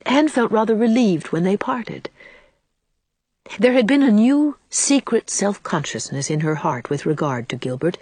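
Brief: woman narrator for a classic novel, lively pitch, lowish voice, dry close mic. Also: slightly rough, no room sound. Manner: measured, expressive reading. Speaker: audiobook narrator. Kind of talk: scripted narration.

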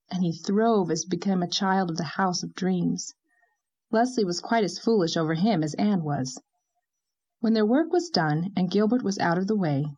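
A woman reading a classic novel aloud in a measured, gently expressive narration. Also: on the low side, slightly rough. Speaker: audiobook narrator. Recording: dull lo-fi recording.

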